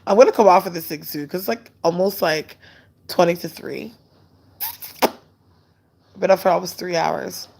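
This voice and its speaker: A woman hosting a casual live stream, chatting loosely and candidly while answering viewer comments in a relaxed way. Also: fairly low pitch, vocal fry. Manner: relaxed and unhurried. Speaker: livestream host.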